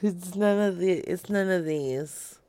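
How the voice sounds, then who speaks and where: A woman co-hosting a casual show, making calls to strangers, talking slowly and giggling often between halting lines. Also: fairly low pitch, warm tone, no room sound. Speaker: co-host making prank-style phone calls. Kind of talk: casual chat on a live call-in stream.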